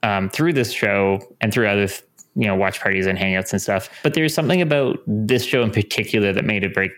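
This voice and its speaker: A man's voice: lowish voice, fairly quick. A young man co-hosting a podcast, chatting casually and full of enthusiasm, with many fillers. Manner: relaxed, filler-heavy, enthusiastic about the show. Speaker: podcast co-host. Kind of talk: casual chat.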